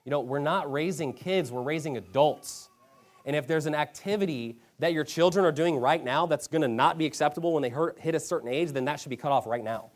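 Brief: male preacher, somewhat higher pitch, emphatic storytelling sermon delivery with rhetorical questions. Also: a little fast. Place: church hall.

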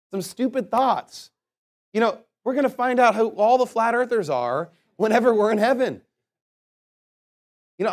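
A man preaching a sermon in a conversational, sarcastic way, with joking asides and loud scripture reading. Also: high-pitched.

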